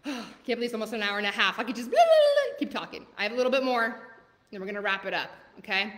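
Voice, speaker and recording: A woman coach giving a live motivational masterclass, urging listeners on with rapid-fire repeated commands. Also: medium pitch, steady tone, big-room sound, background noise. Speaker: leadership coach.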